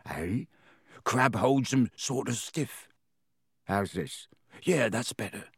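A man's voice: mid-range voice, expressive, vocal fry, slightly rough, no echo, studio quality, full character voice. A man voicing an eager, slightly awkward teenage schoolboy in a storybook reading. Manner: quick, eager.

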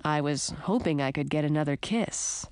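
A woman voicing a playful, devoted young prince who speaks in a gentle, teasing way. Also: deep voice, animated, normal speed, clean tone, no echo, pitched below the performer's own voice.

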